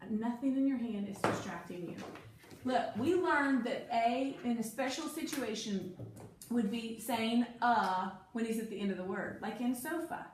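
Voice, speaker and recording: Brief: woman tutor, higher voice, patient, drags out key words; very echoey room with faint hiss. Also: animated, a little slow. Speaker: teacher. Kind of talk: one-on-one phonics lesson.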